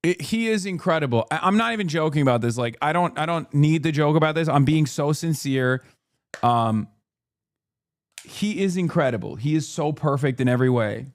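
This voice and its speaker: A man hosting a live stream, riffing in animated, profane commentary. His voice sits a little high and sounds dry and close, with no room behind it. He jumps between jokes and asides at speed. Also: no room sound. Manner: animated, swearing, jokey, quick asides. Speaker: streamer host.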